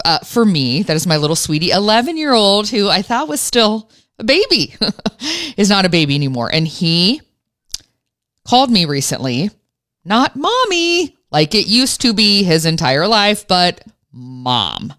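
A woman radio host telling a personal story in an animated, self-mocking way. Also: mid-range voice, moderate pace.

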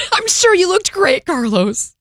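Female co-host, reactive and laughing; higher pitch, unhurried delivery, loud music bed. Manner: reactive, laughing, quick interjections. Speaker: radio show co-host. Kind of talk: casual morning radio banter.

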